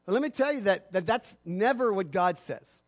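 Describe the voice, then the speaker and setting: A man pastor preaching a sermon, swinging from loud swells to quiet asides and acting out imagined voices. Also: sits high, lively intonation, normal speed. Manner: acts out imagined phone calls in a grumbling aside voice.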